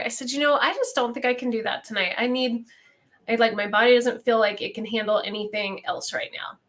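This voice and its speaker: A woman's voice: a little high, fairly even intonation, fairly quick. A woman co-host in a casual chat, telling a candid personal story with lots of "like".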